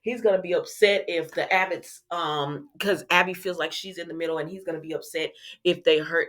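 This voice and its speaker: A woman's voice: fairly low pitch, fairly even intonation, fairly quick, fairly bright tone. Woman, soap recap host, casual chatty commentary, speaks straight to viewers, retells each scene. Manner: retells scenes and acts out the characters' lines.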